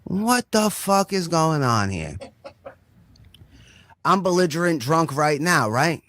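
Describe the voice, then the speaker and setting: A man's voice: a little high, big pitch swings, slow pace, fairly bright tone. A man telling a long, crude comic story, rambling and profane, checking in with "right?" again and again.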